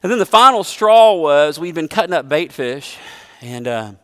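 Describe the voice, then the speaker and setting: A man's voice: fairly high pitch, very animated, normal speed, clean tone, long reverb tail. A man preaching a sermon as a pastor, earnest and emphatic, mixing scripture with a personal story.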